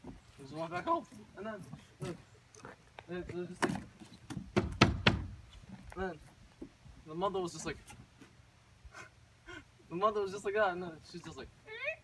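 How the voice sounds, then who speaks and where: A man's voice: sits high, expressive, a little slow, pauses often. A man casually retelling a fairy tale, rambling with many fillers and restarts. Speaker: storyteller. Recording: distant mic with faint noise.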